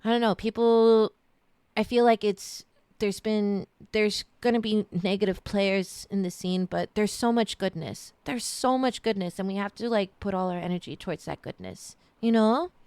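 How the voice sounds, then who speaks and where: A woman's voice: mid-range voice, normal speed, a little mellow, clear, resonant tone, no echo. A woman streaming a charity event, chatting casually with her audience, rambling and emotional, close to tears. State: near tears. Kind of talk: casual chat.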